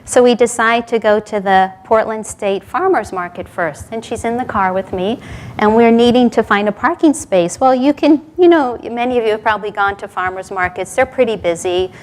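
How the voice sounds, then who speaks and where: A woman's voice: on the high side, normal speed, a little hiss or hum. A middle-aged woman from New York City giving a Sunday service talk, telling stories and chuckling between lines. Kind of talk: sermon with told stories and jokes.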